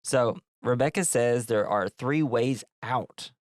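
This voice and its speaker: A man's voice: mid-range voice, takes it slowly, dry recording, clean studio sound. A man co-hosting a podcast, recapping a film in casual chat and acting out quotes. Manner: animated storytelling with put-on quote voices.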